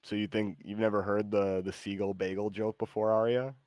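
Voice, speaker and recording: Low-voiced rambling American streamer man. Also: flat delivery, fairly quick, a little mellow, dry recording. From United States. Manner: hesitant, rambling, reads chat aloud. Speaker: streamer host. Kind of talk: casual live-stream chat.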